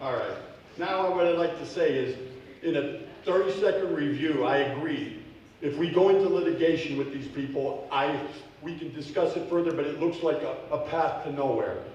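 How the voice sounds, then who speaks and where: A man's voice: a little high, moderate pace, dull audio, slight background noise. A man speaking off the cuff during public comment at a city council meeting, emotional and indignant. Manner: off-the-cuff, heated, grows loud and indignant. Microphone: podium microphone. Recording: echoey council chamber from far off.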